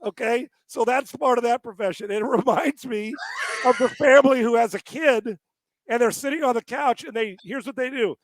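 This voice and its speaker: A man co-hosting a sports talk podcast, ranting with lots of swearing, laughing often and breaking into shouts. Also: very high voice, normal speed, no room sound. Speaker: podcast co-host.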